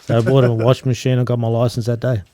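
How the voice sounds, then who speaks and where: A man's voice: medium pitch, level tone, racing, warm tone. A man chatting casually as a guest, telling stories about running a bar and laughing at his own anecdotes. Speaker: guest, former bar owner. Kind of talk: casual storytelling chat.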